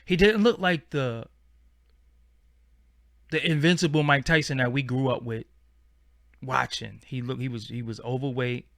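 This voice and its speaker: A man's voice: medium pitch, unhurried, long pauses, fairly bright tone, dry recording, studio quality. A man, hosting a casual livestream and chatting in a slangy, rambling way. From Brooklyn, New York. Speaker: channel host.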